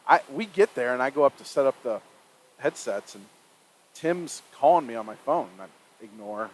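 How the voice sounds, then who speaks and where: A man's voice: medium pitch, expressive, normal speed, low-quality recording. A man, a football coach telling a blunt, laid-back story in a casual chat.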